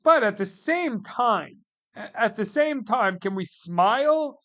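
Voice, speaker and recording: A man's voice: high voice, animated, takes it slowly, a bit bright. A man from the United States telling a casual comedic travel story, rambling and sarcastic, repeating himself with many asides.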